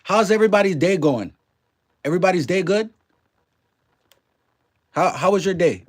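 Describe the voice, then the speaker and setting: Chatty streamer with a New Orleans–Canadian accent. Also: male voice, high-pitched, lively intonation, moderate pace. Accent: mix of New Orleans and Canadian. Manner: loose and chatty, swears freely, greets chat viewers by name. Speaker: livestream host. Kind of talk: casual live-stream commentary.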